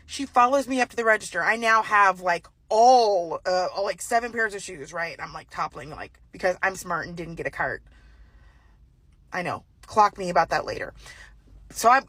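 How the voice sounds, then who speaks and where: A woman telling a personal story in casual chat, acting out the voices of the people in it with big jumps in pitch. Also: normal speed, no echo. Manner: animated, acts out dialogue with exaggerated pitch jumps. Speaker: storyteller recounting a personal encounter.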